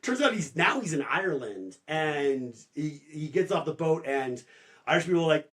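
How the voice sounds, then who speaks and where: A man co-hosting a podcast, retelling a novel's plot in casual chat, full of "like" fillers and quick mock voices for the characters. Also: a little high, very animated, a bit bright. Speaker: podcast co-host. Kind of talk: casual book discussion.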